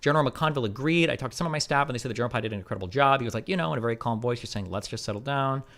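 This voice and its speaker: A man streaming live, reading a report aloud at a quick clip and breaking off for skeptical asides. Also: mid-range voice, a bit bright.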